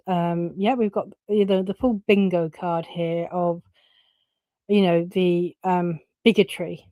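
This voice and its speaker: A woman's voice: medium pitch, steady tone, unhurried, dark tone, dry recording. A woman giving casual opinion commentary, blunt and opinionated, swearing and using lots of fillers.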